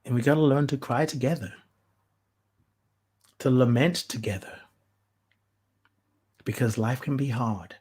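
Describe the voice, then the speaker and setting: A podcast host in casual spiritual talk, heartfelt and preachy, flaring into animated rants and blessing the listener. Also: mid-range voice, measured pace, long pauses, breathy edge.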